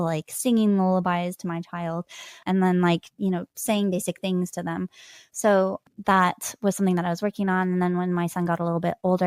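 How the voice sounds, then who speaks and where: A woman in her thirties chats as a podcast guest, her voice pitched a little low and recorded dry and close. She tells her stories with lots of animation and quick laughs, acting out what people said. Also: smooth, no echo. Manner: animated, laughs often, acts out quoted voices. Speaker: podcast guest, language learner. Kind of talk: conversational interview storytelling.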